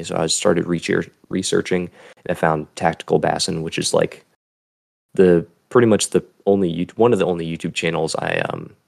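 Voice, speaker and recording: Young man, very deep voice, heavy vocal fry, easygoing podcast guest. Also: a little mellow. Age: young adult. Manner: easygoing, earnest, rambling. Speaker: guest, bait builder. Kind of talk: casual chat.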